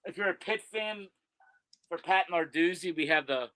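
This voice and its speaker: A man's voice: high-pitched, normal speed, fairly bright tone, no room sound. A man, a podcast guest telling stories in loose, rambling casual chat full of restarts. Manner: rambling storyteller, many restarts. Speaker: guest, sports website owner. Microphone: video call.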